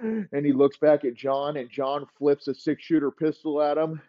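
A man's voice: on the high side, flat delivery, moderate pace, dull audio. A man telling an improvised comic story, profane and rambling, checking in with his listeners as he goes.

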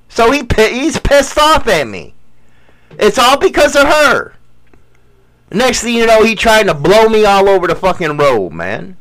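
A man's voice: sits high, big pitch swings, measured pace, a bit bright. A man co-hosting a podcast, bantering casually in a profane, boastful, mock-preaching way. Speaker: podcast co-host.

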